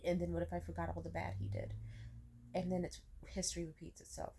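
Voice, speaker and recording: A woman's voice: lowish voice, completely flat delivery, fast talker, mellow, slight background noise. A young woman vlogger venting in an emotional personal rant, questioning herself aloud and swearing.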